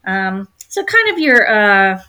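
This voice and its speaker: Woman travel agent guest: easygoing chatter, mid pitch, lots of ums while hunting for words. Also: very animated, slow pace, bright, forceful tone. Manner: chatty, many filler ums, searching for words. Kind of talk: casual chat.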